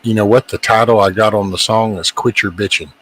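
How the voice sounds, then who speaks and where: A relaxed man hosting an easygoing show, chatting loosely and mumbling and humming to himself in the quiet stretches. His voice sits a little low, with a faint hum of noise in the background. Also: brisk, poor audio. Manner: laid-back, mutters and hums to himself between songs. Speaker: host. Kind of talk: casual chat.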